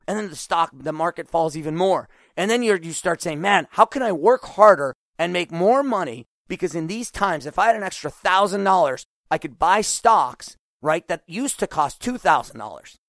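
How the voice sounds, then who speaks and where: A middle-aged man hosting a solo podcast as a business coach, talking in an energetic, animated way. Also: high-pitched, moderate pace, no echo, clean studio sound. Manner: energetic, animated, acts out quoted voices.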